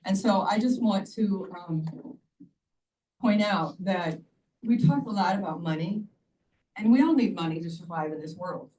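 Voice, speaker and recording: A woman's voice: fairly low pitch, unhurried, long pauses, dark tone. A woman in her sixties giving earnest, pleading public testimony at a county hearing. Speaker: public commenter. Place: county meeting room. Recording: distant mic, faint background noise.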